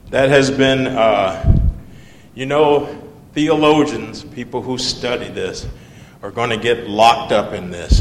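A man's voice: lively intonation, takes it slowly. A man leading a Bible study, talking conversationally, quizzing his listeners and repeating key words. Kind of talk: Bible study teaching with questions to the group. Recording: echoey hall with faint rumble.

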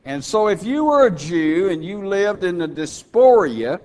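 A man's voice: sits high, sing-song, measured pace, darkish tone. A man preaching a sermon with a Texan accent, folksy and humorous between passages of scripture. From Texas.

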